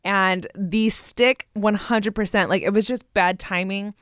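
A woman's voice: mid-range voice, steady tone, a little slow, fairly bright tone, clear, resonant tone, dry recording, clean studio sound. A woman telling a story in casual chat to viewers, laughing often and restarting her sentences. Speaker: co-host.

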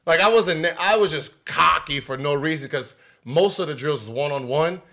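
A man's voice: on the high side, moderate pace. Blunt, profane man telling stories. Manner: blunt, profane, animated storytelling. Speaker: podcast co-host, former basketball player. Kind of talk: casual chat.

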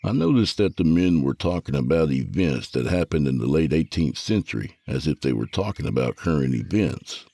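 A man narrating a first-person story with a gravelly, husky voice. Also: very deep voice, sing-song, normal speed, few pauses, mellow, no echo.

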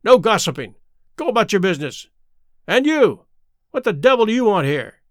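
A man's voice: high voice, big pitch swings, moderate pace, dry recording, clean studio sound. Man voicing a fierce elderly bully of a trainer. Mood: angry blustering. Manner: gruff, loud and blustering. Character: fierce elderly male horse trainer, blustering bully turned cowed.

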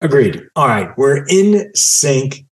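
Male co-host, animated and playful delivery, casual banter on a call. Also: mid-range voice, slow. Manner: jokey, animated, riffing. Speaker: podcast co-host. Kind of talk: casual chat.

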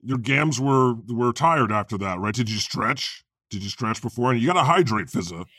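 A man with a husky, slightly rough voice hosts a comedy podcast in character as God. His pitch swings widely as he tosses off wry, jokey asides, and the sound is close and dry. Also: expressive, normal speed, sharp tone, dry recording. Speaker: podcast host playing God.

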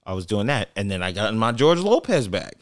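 Low-voiced man in casual chat. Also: big pitch swings, brisk, no room sound, clean studio sound. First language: not English. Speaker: podcast co-host.

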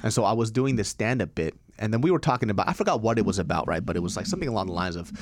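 A man's voice: fairly low pitch, very animated, racing, no room sound. A man co-hosting a podcast, talking bluntly and swearing freely in casual chat. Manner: profane, blunt storytelling. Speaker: podcast co-host.

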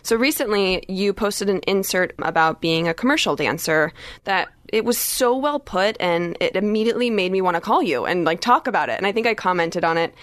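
A woman's voice: medium pitch, expressive, fairly quick, fairly bright tone, dry recording. A woman co-hosting a casual interview chat, earnest and encouraging, with small stumbles. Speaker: podcast co-host.

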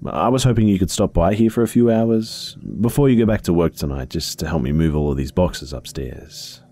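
A man's voice: low-pitched, a little fast, warm tone, voice pushed up. A man voicing an older, caring widowed father in a narrated story, talking with hesitant fillers. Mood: friendly.

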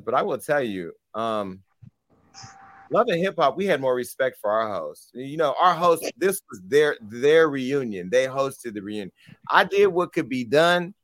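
A man's voice: mid-range voice, fairly bright tone, no room sound. A man hosting a talk show, chatting casually and rambling, with many fillers and restarts. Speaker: show host.

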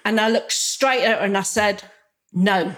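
A woman's voice: medium pitch, normal speed. A woman, the guest, candidly telling her own story in an interview and acting out the voices of people in it. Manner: candid, animated, acts out quoted dialogue.

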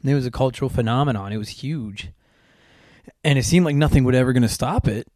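A man's voice: mid-range voice, quick pace, a little mellow, dry recording. Male podcast host, loose and rambling, dry close mic. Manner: rambling, many filler words. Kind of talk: casual chat.

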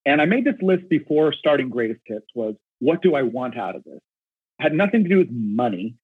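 A man's voice: medium pitch, big pitch swings, fairly quick, husky, no room sound. A concert photographer telling stories in an interview, eager and talkative, often restarting his words. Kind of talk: storytelling in an interview. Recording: dry, narrow phone-like line.

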